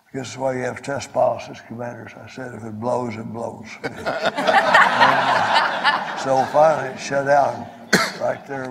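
Older man with a gravelly voice, telling a story. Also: mid-range voice, a bit bright, a little hiss or hum. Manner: anecdotal, folksy, repeats himself. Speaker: panelist, former astronaut. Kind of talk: storytelling at a panel forum. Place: conference hall. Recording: echoey hall.

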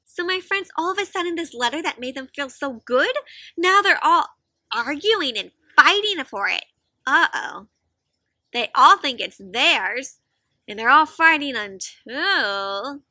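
A woman reading aloud to children with a high, very bright voice, animated and full of questions to her young listeners. The recording is close and dry, with no room sound at all. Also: measured pace, dry recording. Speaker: children's storyteller. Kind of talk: interactive read-aloud for kids.

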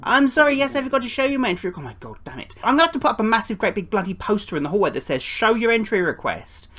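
A woman's voice: on the high side, very animated, racing, a bit bright. A woman giving playful gameplay commentary, chatting and slipping into put-on voices for the characters. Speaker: gaming YouTuber.

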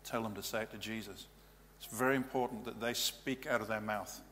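A man's voice: on the low side, fairly even intonation, a little fast, a bit bright. A male pastor giving a practical, matter-of-fact teaching sermon in a church. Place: church hall. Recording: reverberant hall, faint hum.

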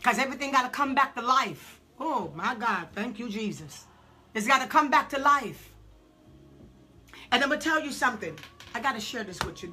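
A woman preaching a sermon, telling a halting, emotional testimony and building to shouted preaching. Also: on the high side, expressive.

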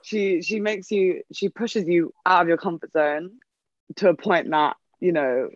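A woman's voice: fairly low pitch, a little slow, no room sound. Rambling woman on a dull lo-fi call. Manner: rambling, many fillers and restarts, laughs often. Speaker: film cast member on a Q&A panel. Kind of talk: casual panel answer.

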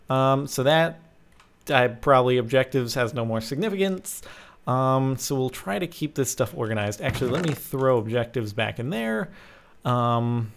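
A man's voice: medium pitch, expressive, moderate pace, vocal fry, a bit bright. A young man hosting a let's-play, casual and wry, rambling as he plays. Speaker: gaming host.

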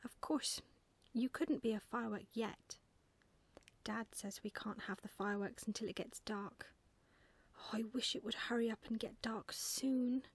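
An excited little boy chatters eagerly in a breathy hush, as a woman whispers him out. The voice is unhurried and sounds close and dry. This is whispered role-play for a bedtime storybook. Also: on the high side, dry recording.

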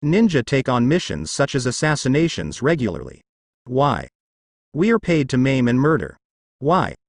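A man voicing a cold, apathetic young male ninja who speaks calmly and flatly. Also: mid-range voice, normal speed, creaky, dry recording, studio quality, heavily acted. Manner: flat, calm, clipped delivery.

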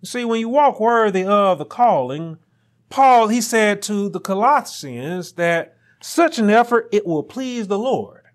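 Animated high-voiced male preacher. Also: measured pace. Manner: preaching with rising emphatic peaks and quiet asides. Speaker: pastor. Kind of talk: sermon.

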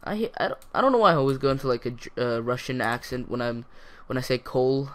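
A man casually commenting as he plays a video game, rambling and chatty with sudden bursts of excitement. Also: mid-range voice, fast, hardly any pauses, slight background noise. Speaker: gaming YouTuber. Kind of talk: casual let's-play commentary.

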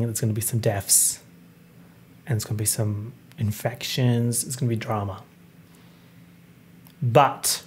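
A young man hosting a casual solo podcast, talking in an animated, campy way and swearing freely. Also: mid-range voice, a little hiss or hum. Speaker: podcast host.

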